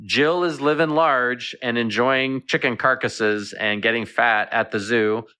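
A man's voice: medium pitch, unhurried, pushed and bright, clear, resonant tone. A man, a veterinarian and author, chatting as a guest in a radio interview and telling animal stories. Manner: chatty storyteller, repeats words.

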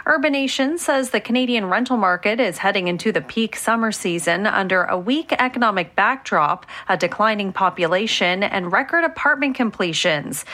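A woman reporter reads a short news item in a crisp, even way. Her bright tone sits at a middle pitch and keeps steady.

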